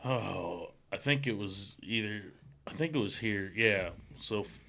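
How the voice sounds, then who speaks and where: A man's voice: on the low side, measured pace, gravelly, sharp tone. A man telling rambling, swear-heavy stories and laughing through them in a casual chat. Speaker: podcast co-host.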